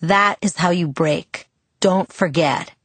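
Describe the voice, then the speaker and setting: A woman's voice: on the low side, slow, a bit bright, no room sound. A woman reading the lines of a teasing, easygoing teenage boy in an audiobook. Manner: teasing, casual.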